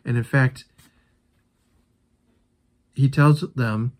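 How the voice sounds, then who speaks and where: A man's voice: mid-range voice, steady tone, slow pace, long pauses, a little mellow. Man animatedly retelling a classic novel. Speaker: host. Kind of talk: casual literary commentary.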